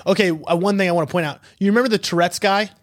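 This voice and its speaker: A young man co-hosting a casual podcast chat, throwing in quick jokes and swearing freely. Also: sits high. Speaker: podcast co-host.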